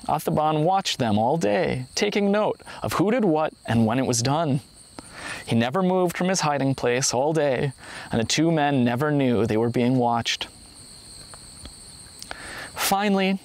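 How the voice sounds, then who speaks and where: A man narrating a traditional folktale with measured, expressive pacing. His voice sits in an ordinary middle pitch, lifting for questions and suspense. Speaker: story reader. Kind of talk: folktale storytelling.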